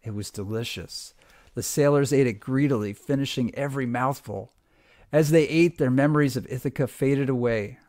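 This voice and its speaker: A man's voice: mid-range voice, moderate pace, a little mellow, no room sound, studio quality. Man reading a story aloud. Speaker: teacher reading a book aloud.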